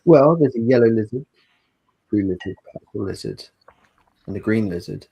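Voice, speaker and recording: A man narrating a tabletop role-playing game as game master, describing scenes in an unhurried way. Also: lowish voice, expressive, creaky, dark tone, breathy edge.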